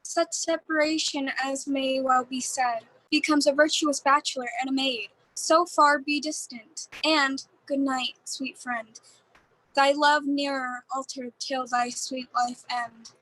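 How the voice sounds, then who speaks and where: A woman playing the young maiden Hermia, delivering verse slowly and carefully in a community theatre reading. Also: high voice, fairly even intonation, a bit bright, poor audio. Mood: tender.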